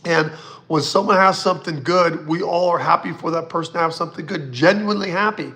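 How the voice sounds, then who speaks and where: A man's voice: on the high side, a little fast, bright, forceful tone. A man hosting a live psychic question-and-answer stream, speaking bluntly and casually, reading viewer questions aloud and swearing now and then.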